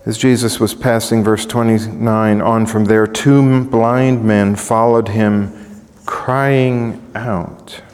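Man preaching with dramatic rising shouts. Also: fairly low pitch, fairly even intonation, slow pace. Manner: rising to loud dramatic shouts when quoting cries; asks the congregation rhetorical questions. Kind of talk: sermon. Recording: long hall reverb.

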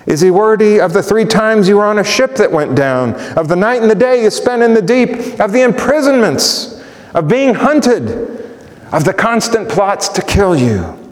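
Man preaching with a fairly high voice. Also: lively intonation, normal speed. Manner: preaching in a string of rhetorical questions; rises to ringing emphasis, then drops to hushed softness. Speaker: pastor. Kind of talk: sermon. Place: church sanctuary. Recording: long reverb of a church hall.

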